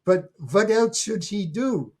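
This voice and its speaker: A man's voice: lively intonation, takes it slowly, noisy background, exaggerated voice. An elderly man in his eighties voicing a pushy old grandmother who drags her grandson along, in an anecdote told during an interview. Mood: insistent. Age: 80s. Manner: shrill and insistent.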